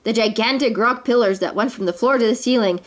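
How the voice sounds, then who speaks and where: A woman reading a children's story aloud to her kids in an expressive way. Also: fairly high pitch, a little fast.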